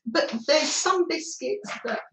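A craft live-stream host with a high-pitched voice and a North London accent chats casually with her viewers, giggling often and reading out their comments. The room is echoey and the sound slightly dull, with a little hiss or hum.

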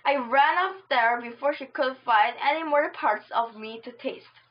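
A woman reads a children's book aloud in a plain, unpolished way, stumbling now and then. Her voice is high, and the home recording sounds dull and muffled. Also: measured pace. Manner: plain storytelling with slips and restarts. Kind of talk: amateur audiobook reading.

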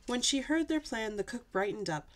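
A woman storyteller reading a children's picture book aloud, with an expressive, animated delivery. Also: fairly high pitch, normal speed.

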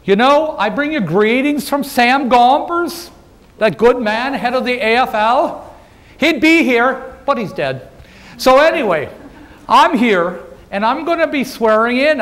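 A man's voice: very high-pitched, a bit bright. A man playing a folksy 19th-century union organizer in a first-person historical role-play, joking with and addressing a live audience. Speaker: living-history presenter.

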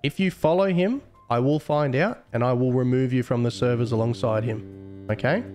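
A man's voice: medium pitch, moderate pace, darkish tone, soft background music. A young man admin on a game live stream, casually teasing and mocking players he catches cheating.

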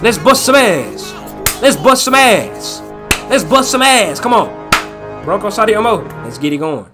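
Man, gameplay commentary, high voice, lively swooping delivery, excitable, repeats hype phrases, faint music behind. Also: measured pace. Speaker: gaming YouTuber.

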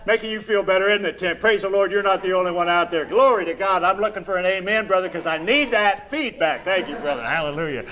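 Male pastor, high-pitched, conversational sermon delivery in a church, reads scripture in between asides. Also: fast, hardly any pauses, sharp tone. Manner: conversational, chuckling asides, reading scripture aloud. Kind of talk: informal sermon. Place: church sanctuary.

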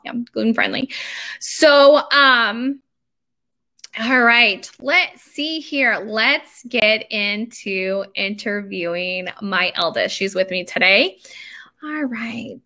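A chatty woman hosts a casual live stream, speaking straight to her viewers in a high, lifted voice. Her tone is bright and crisp, and her talk is informal and upbeat, full of fillers and quick asides. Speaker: bakery owner hosting a live stream. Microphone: computer camera mic.

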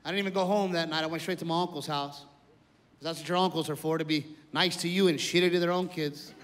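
A man performing a stand-up comedy set, telling family stories in an animated way and yelling out the punchlines. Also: on the high side, brisk. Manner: loud animated storytelling, yells while acting out his family. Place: comedy club stage. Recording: echoey club with audience and noise. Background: audience laughter.

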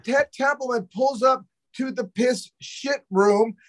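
A man with a fairly high voice tells a studio story in a loose, animated way. He swears freely and acts out everyone's lines as he goes. He is a drummer from Los Angeles, chatting as a guest. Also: slow pace. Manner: animated, profane, acts out quotes. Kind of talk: casual storytelling interview.

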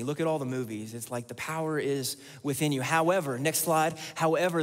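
A man preaching a sermon as pastor, earnest and repeating key lines for emphasis. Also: mid-range voice. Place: church sanctuary. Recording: long church hall reverb.

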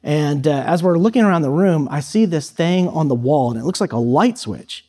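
Man telling a story, a touch high. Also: lively intonation, normal speed, mellow, breathy edge. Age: 30s. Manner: anecdotal, loose and conversational with many fillers. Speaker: guest speaker at a high school. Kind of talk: storytelling speech.

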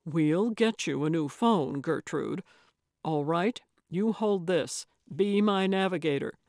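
A woman voicing a calm, patient older man companion, with a lowered, steadying delivery. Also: slow, dry recording, studio quality. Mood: reassuring.

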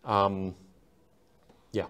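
A man discussing his own book in an academic conversation, careful and halting as he searches for words. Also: low voice, flat delivery, fairly bright tone, smooth.

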